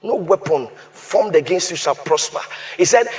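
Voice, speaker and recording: A male preacher with a fairly high voice. He drives points home by repeating lines and quoting scripture. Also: lively intonation, moderate pace, darkish tone. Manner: emphatic, repeats phrases, quotes scripture. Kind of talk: sermon.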